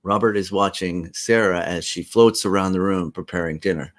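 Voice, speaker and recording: A man reading his own stage play aloud as a one-man reading, narrating scenes and voicing every role. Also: sits low. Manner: slow, animated, laughing at his own lines.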